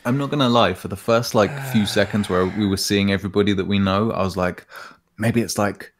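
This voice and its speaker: A man co-hosting a gaming podcast, talking in a relaxed, rambling way and calling his friend "man" and "bro". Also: on the low side, quick pace, a little hiss or hum. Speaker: podcast co-host. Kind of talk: casual gaming chat.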